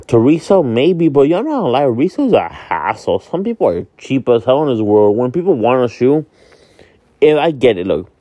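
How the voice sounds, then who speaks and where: Very animated yet sleepy and yawning, a Miami man in his twenties talks on his vlog at a moderate pace in a medium-pitched, dark-toned voice. The audio is dull with no echo, and his casual monologue rambles candidly, filled with fillers and free swearing.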